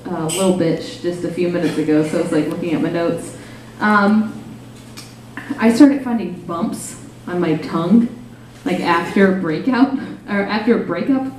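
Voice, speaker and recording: A woman's voice: lowish voice, darkish tone, far from the mic. Young woman rambling thru a standup bit, very echoey room, faint crowd hum. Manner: rambling and self-deprecating, with frequent fillers. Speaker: stand-up comedian. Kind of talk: live stand-up set. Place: small cafe stage.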